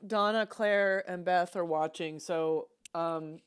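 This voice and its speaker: A woman hosting a fan livestream in casual chat, chatty and excitable. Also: lowish voice, slow, few pauses, slight background noise. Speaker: livestream host.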